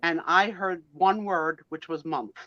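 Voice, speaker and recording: Woman on a live stream, bright punchy voice, chatty storyteller, kinda dull dry audio. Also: on the low side, no echo. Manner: animated storyteller, quick laughs, acts out quotes. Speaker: guest co-host of a live sale chat.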